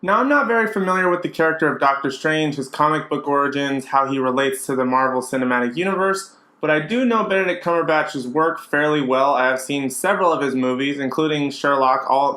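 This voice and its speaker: A man's voice: a little high, bright, forceful tone. Chatty man vlogging in an echoey room. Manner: chatty, opinionated, frequent fillers. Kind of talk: casual vlog commentary.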